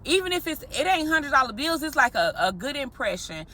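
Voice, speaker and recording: A married woman telling an animated story straight to her viewers in a vlog, often calling them y'all. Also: sits high, brisk, slight background noise. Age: adult, married. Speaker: vlogger.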